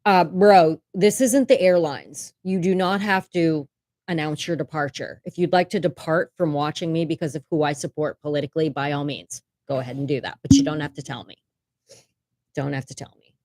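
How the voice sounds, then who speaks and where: A woman with a low-pitched, steady, darkish voice speaks a little fast on a casual livestream from a room at home. She chats candidly, swears casually, and laughs often. Her desk microphone picks up no echo.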